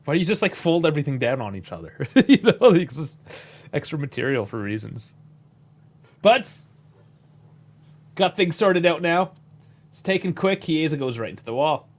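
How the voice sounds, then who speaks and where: A man's voice: on the high side, expressive, moderate pace, pauses often. A man from Canada, hosting a casual live match reaction, chatty and laid-back with frequent chuckles and casual swearing. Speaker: host.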